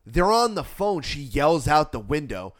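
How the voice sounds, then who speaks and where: Animated profane man telling a story. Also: on the high side, unhurried. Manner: animated, profane, acts out voices in his story. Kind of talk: casual storytelling chat.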